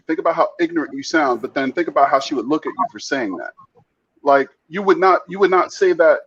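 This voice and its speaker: A man's voice: on the high side, husky. Blunt, profane man, lo-fi sound. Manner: blunt, emphatic, profane, repeats words when starting a point. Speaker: podcast co-host. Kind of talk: heated casual discussion.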